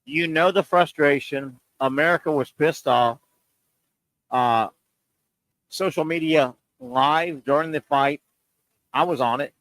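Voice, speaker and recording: A man's voice: a little high, a bit bright, no room sound, poor audio. A man hosting a sports talk show, making his point with rhetorical questions and repeating key lines for emphasis. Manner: pauses and stretches words for emphasis.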